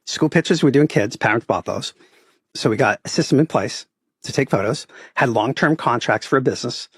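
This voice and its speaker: A middle-aged man from Boston with a Boston accent, a podcast guest telling stories about his photography business in a casual, animated way, often adding "right?". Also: medium pitch, brisk, husky, no room sound, studio quality. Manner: animated storyteller, acts out quoted voices, often adds "right?". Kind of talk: casual interview storytelling.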